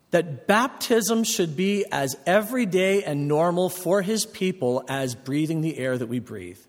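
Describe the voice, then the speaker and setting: A man preaching a sermon as a pastor, animated and climbing to emphatic peaks as he explains his point. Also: high-pitched. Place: church sanctuary. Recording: long reverb of a church hall.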